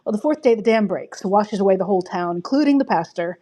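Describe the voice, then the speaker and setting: A woman's voice: mid-range voice, lively intonation, fast talker, warm tone. A woman co-hosting a casual film chat, telling a long joke and acting out the voices. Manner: storytelling, acts out quoted voices. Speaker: podcast co-host.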